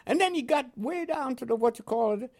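A man's voice: very high-pitched, a little fast. An older man from Panama with a New York accent touched by West Indian inflections, telling his life story in an oral history interview. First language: French. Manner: lively, animated storyteller who acts out quoted voices.

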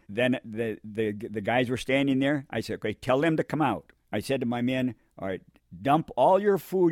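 Sharing his war memories for an oral history interview, an older Marine veteran rambles and repeats himself while imitating the people in his stories. His voice runs low and slightly mellow, and the studio recording is dry and clean.

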